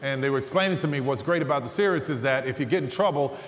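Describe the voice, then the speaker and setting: A man preaching a sermon through humorous, animated personal stories. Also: mid-range voice, very fast, noisy background. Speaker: guest preacher. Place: large church hall stage. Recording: echoey hall, faint ambience.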